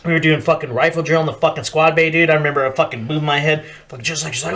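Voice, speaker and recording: A young man on a podcast, swearing constantly and shouting out quoted lines as he tells stories. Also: on the high side, rapid-fire, hardly any pauses. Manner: profane storytelling, acts out shouted quotes. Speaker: podcast host. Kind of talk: casual podcast chat. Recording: faint background noise.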